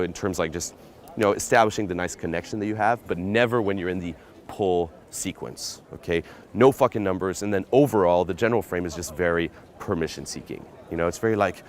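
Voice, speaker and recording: A man from America giving casual dating coaching outdoors on a city street, blunt and profane, often checking "okay?". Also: low voice.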